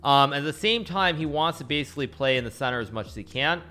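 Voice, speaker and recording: A man's voice: on the high side, animated, fast talker, bright, forceful tone. A man streaming a casual chess game analysis, rambling and often correcting himself. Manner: rambling, with frequent restarts and self-corrections.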